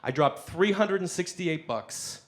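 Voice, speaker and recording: On stage before a live audience, a stand-up comedian tells a long comic story, animatedly acting out the voices of the people in it. His voice is high and unhurried. The recording is very noisy.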